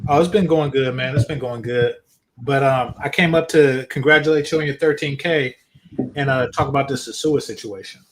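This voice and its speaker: A man's voice: mid-range voice, normal speed, a little hiss or hum, low-quality recording. A man joining a livestream as a guest, explaining his opinion earnestly with many "um"s. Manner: earnest, explains with fillers and restarts. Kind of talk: casual livestream chat.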